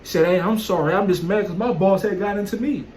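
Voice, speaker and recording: A man's voice: sits high, fast talker, a little mellow, slight background noise, rough recording. A man telling a casual, profane story in a blunt, streetwise way. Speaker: vlogger. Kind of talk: casual monologue.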